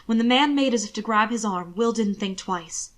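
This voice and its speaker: A woman's voice: fairly high pitch, moderate pace. Woman reading fan fiction aloud. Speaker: narrator.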